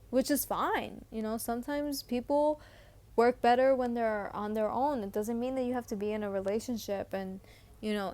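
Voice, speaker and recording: A woman giving a casual tarot reading in a chatty way, full of fillers and restarts. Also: a little high. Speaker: tarot reader.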